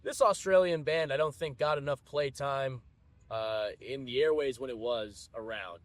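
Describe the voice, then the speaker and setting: A man with a New England accent hosting a comedic podcast, talking loudly and breaking into announcer-style shouts. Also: medium pitch, dry recording. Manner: loud, animated, bursts into announcer-style shouts. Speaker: podcast host.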